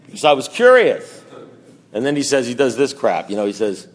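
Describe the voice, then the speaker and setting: A man's voice: medium pitch, expressive, normal speed. A middle-aged man telling a self-mocking story at a support meeting, rambling with restarts and asides to the audience. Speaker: recovery meeting speaker.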